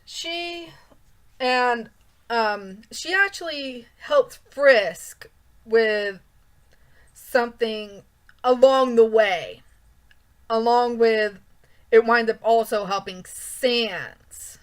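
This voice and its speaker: A woman talks casually while she draws, rambling and restarting her sentences. Her voice sits on the higher side, and she speaks slowly and unhurriedly. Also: fairly bright tone. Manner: rambling, hesitant, frequent ums and restarts. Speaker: art channel creator. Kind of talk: casual drawing commentary.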